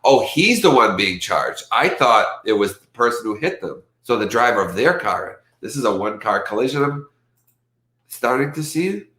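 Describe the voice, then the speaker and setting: A man hosting a casual livestream, rambling and lively when he quotes others, with his allergies acting up. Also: medium pitch, normal speed, reverberant. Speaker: livestream host.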